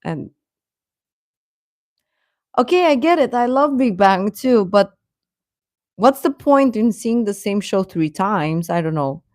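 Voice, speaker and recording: A woman's voice: medium pitch, measured pace, darkish tone, no room sound, studio quality. A young woman casually chatting with viewers on a livestream, reading the chat, laughing often and ranting in exasperation.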